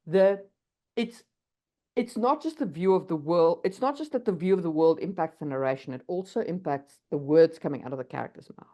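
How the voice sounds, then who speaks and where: A woman's voice: lowish voice, expressive, a little fast, warm tone. A woman co-hosting a podcast, explaining writing craft in a thoughtful, casual way and often checking in with "right?". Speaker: podcast co-host.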